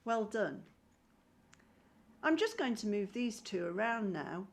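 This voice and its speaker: Woman, music teacher, unhurried, patient, encouraging, online lesson. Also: mid-range voice, sing-song. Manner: claps and chants rhythm syllables. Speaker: primary school music teacher. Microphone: screen-shared video call.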